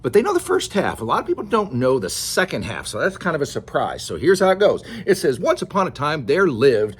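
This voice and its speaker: An older man reading a picture book aloud to his grandchild, expressive and chatty, pointing out the pictures as he goes. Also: fairly high pitch, fast talker, slightly rough.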